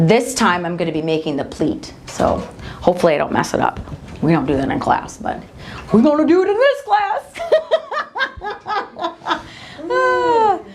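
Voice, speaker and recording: Her voice sits low and a little mellow, and a slight hiss or hum runs underneath. She hosts a live embroidery stream, talking to her viewers in an upbeat, chatty way while she works at a machine, the whole thing a casual demo chat.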